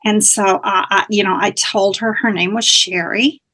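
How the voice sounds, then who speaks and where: A woman's voice: medium pitch, steady tone, moderate pace, sharp tone. A woman guest, a spiritual teacher, earnestly telling a personal story in conversation, with small restarts.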